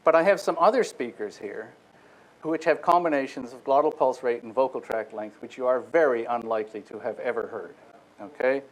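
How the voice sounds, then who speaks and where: A guest lecturer speaks fairly quickly in a mid-range voice on a rough recording. Giving a technical lecture, he goes step by step, addresses the audience directly and keeps restarting his phrases.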